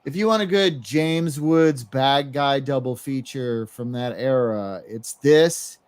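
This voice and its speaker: A man's voice: medium pitch, slow. A man hosting a podcast in casual chat, blunt and joking. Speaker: podcast host.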